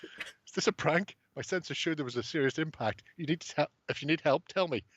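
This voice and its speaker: A man's voice: medium pitch, very animated, normal speed, a bit bright, a little hiss or hum. A man voicing a polite female operator for a car-assistance service, with courteous, clipped delivery. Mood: urgent. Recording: muffled lo-fi.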